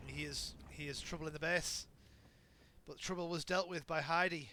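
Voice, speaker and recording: Excitable male play-by-play caster over gunfire. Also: on the high side, moderate pace. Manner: excitable, self-correcting play-by-play. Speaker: game commentator. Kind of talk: live esports commentary. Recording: noisy with gunfire in background. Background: game gunfire and ambience.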